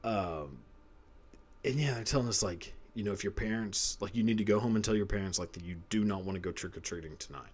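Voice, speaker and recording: A man's voice: fairly low pitch, fast talker. A man in his thirties, a podcast host, telling a profane, rambling comic story and laughing often. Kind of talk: casual comedic storytelling.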